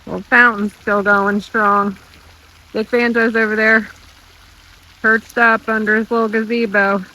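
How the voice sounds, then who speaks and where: Woman in her forties, from Ohio, chatty, talks to viewers, bright tone. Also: on the high side, flat delivery, a little slow, poor audio. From Ohio, USA. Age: 40s. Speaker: vlog co-host. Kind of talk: casual vlog narration.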